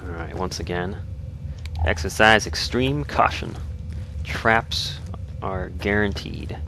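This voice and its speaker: A man's voice: low voice, slow, pushed and bright, slight background noise. A man hosting a let's play, giving easygoing, rambling gameplay commentary. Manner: easygoing, rambling, self-correcting.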